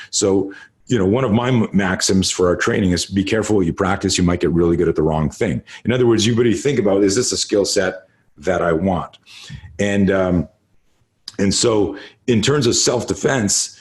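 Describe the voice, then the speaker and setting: A man in his late fifties with a fairly low voice talks as a podcast guest. He tells stories in a casual, animated way, leaning hard on key words and swearing freely as he explains martial arts training. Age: late 50s. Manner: animated, emphatic storyteller who swears freely. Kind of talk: casual storytelling interview.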